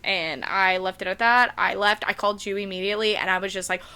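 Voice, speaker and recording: A woman's voice: mid-range voice, quick pace, smooth. A young woman co-hosting a casual podcast, telling a dating story with lots of acted-out quotes and frequent swearing. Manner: animated, acts out quotes, swears freely. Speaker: podcast co-host.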